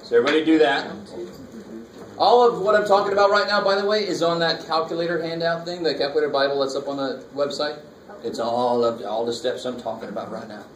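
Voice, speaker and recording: A man's voice: a little high, steady tone, quick pace. Laid-back man teaching a math class. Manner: casual, walks students through calculator steps, slangy. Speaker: math instructor. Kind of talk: classroom lecture. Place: college classroom. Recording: echoey classroom, mic far off, faint noise.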